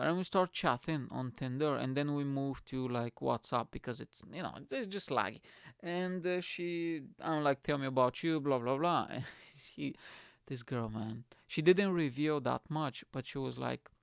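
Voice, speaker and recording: Profane young man ranting, gravelly. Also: mid-range voice, no echo, studio quality. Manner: profane, animated storytelling with mocking put-on voices. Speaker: podcast host. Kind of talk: casual ranting monologue.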